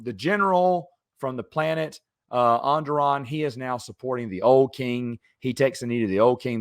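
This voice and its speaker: A man hosts a casual review of a TV episode, sounding exasperated as he picks apart what he sees as repetition. His voice sits at an ordinary middle pitch, and the recording is dry and close with no room sound. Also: a bit bright, dry recording. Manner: exasperated critique with frequent fillers. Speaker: show reviewer.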